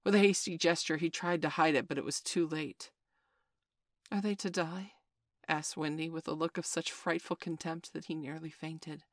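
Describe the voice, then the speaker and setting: A woman reading a children's classic aloud in a measured, expressive storytelling manner. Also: deep voice, no echo, studio quality. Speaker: narrator. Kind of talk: audiobook narration.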